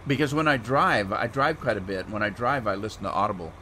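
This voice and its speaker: A middle-aged US man streams a farming game, chatting with viewers by name in an easygoing, rambling style. His lowish voice moves a little fast with a sharp tone, and slight background noise can be heard.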